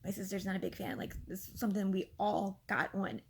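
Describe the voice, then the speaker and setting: A woman in her thirties tells a personal story in a casual, exasperated way, full of fillers. Her voice is gravelly with a husky edge, and her pitch sits in an ordinary middle range. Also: fairly quick. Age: 30s. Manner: animated, exasperated, lots of fillers. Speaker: vlogger.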